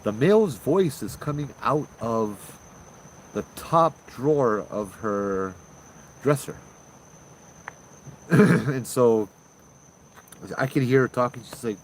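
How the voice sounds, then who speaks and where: A man, hosting and telling a ghost story in a loose, conversational way, with fillers and sudden loud bursts. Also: medium pitch, expressive, slow, long pauses, slight background noise, rough recording. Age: 30s. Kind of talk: casual spoken ghost story.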